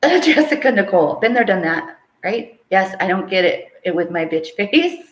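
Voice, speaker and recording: A woman hosting a casual live stream, teaching and reading out viewer comments, chatty and quick to laugh. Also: medium pitch, very animated. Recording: roomy echo.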